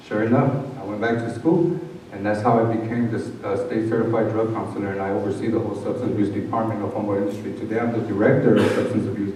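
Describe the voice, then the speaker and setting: Man, conference speaker, animated testimony, faint room hum. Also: on the low side, fast. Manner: animated storyteller, acting out dialogue. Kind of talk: personal testimony speech. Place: conference hall. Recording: echoey hall, mic far off.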